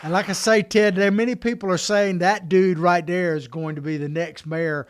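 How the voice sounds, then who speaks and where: A man co-hosting a political podcast, talking emphatically in an animated way. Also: high voice, clear, resonant tone, a faint crowd. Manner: animated, emphatic, quick restarts. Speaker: podcast co-host.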